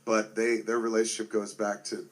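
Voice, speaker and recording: A man's voice: on the low side, monotone, normal speed. A man in his forties, a filmmaker, giving a casual spoken tribute to a friend, swearing constantly and rambling with lots of "like" and "man". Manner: profane, rambling, heartfelt, heavy on fillers like "like" and "man".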